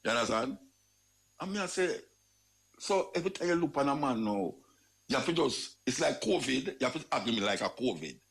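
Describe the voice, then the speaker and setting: A man's voice: mid-range voice, big pitch swings, brisk, creaky. A man with a Jamaican accent, hosting a talk show and ranting about crime in casual, repetitive, emphatic commentary. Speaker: radio talk show host.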